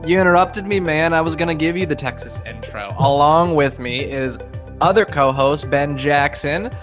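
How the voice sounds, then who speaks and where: A man's voice: on the high side, moderate pace, over music. A man hosting a podcast in casual chat, rambling through stories with lots of fillers. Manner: chatty, rambling storyteller with frequent fillers. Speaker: podcast host. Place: home recording setup, drinking beer on air.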